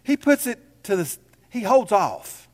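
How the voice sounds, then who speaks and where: A man's voice: high-pitched, very animated, measured pace, long reverb tail. A man preaching a sermon as a pastor in a church, folksy and conversational with rhetorical questions. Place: church sanctuary.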